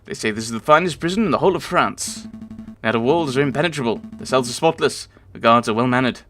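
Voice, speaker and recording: A man voicing a brusque male prison guard who speaks loudly and impatiently. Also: medium pitch, fast, soft background music, natural voice. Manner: loud and impatient.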